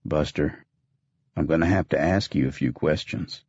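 A man's voice: a bass voice, darkish tone, husky, no room sound, highs cut off, voice pushed down, exaggerated voice. A man doing a stern, weary sheriff. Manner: terse, measured questioning. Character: stern, weary small-town male sheriff.

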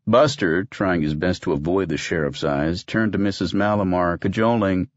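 A man with a very deep, low voice reads a story aloud with wry, dry humor. The recording is dull and lo-fi, with no room echo at all. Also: moderate pace. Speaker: audiobook narrator. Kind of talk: scripted narration.

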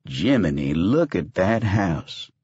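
A man's voice: sits low, very animated, slow pace, a little mellow, breathy edge, dry recording, muffled recording, heavily acted. A man voicing a nervous, evasive rustic ranch foreman with a folksy, ungrammatical drawl. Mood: coaxing.

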